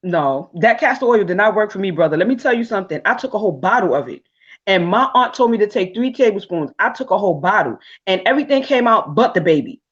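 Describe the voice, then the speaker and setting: A woman, telling personal stories in a casual, animated way as a guest on a live talk show, with frequent restarts and fillers. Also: medium pitch, quick pace, husky, muffled recording. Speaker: guest speaker.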